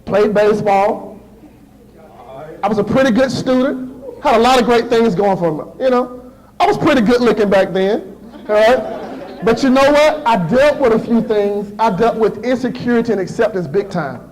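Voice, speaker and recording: A man in his thirties from Georgia, giving a motivational speech and telling a story to an audience in an animated, playful way with repeated phrases. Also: extremely high pitch, normal speed, rough recording. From Decatur, Georgia. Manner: animated, repetitive, playful, with sudden shifts to hushed. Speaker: motivational speaker.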